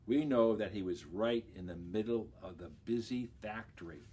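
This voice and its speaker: A man, a library director, reading a children's story aloud with expressive, lively storytelling. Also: lowish voice, normal speed, husky.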